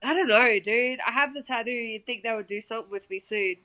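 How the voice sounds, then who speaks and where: A young Australian woman talking casually as a podcast guest over a video call, chatty and quick to laugh. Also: fairly high pitch, bright, forceful tone, poor audio. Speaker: guest fighter.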